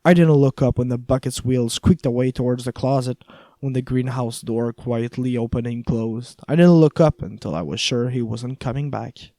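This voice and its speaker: Guy narrating an audiobook, wry and chatty, warm mellow voice, dry close recording. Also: mid-range voice, normal speed, no room sound. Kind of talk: first-person audiobook narration.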